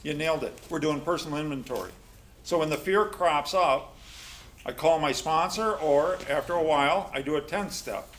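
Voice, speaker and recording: A man's voice: on the high side, normal speed, a bit bright. A man leading a recovery class, telling personal stories in a joking, conversational way and putting questions to the group.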